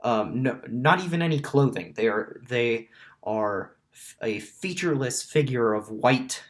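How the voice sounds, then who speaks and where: A man narrating a tabletop role-playing game as its dungeon master, in a middle-pitched voice. He speaks slowly and haltingly, with many ums and restarts as he builds the scene. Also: lively intonation.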